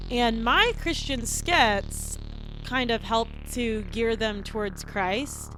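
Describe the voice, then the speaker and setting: A woman's voice: a little high, a bit bright, slight background noise. A teenage girl hosting a comedy podcast, earnest and giggly. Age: teens. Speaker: podcast host.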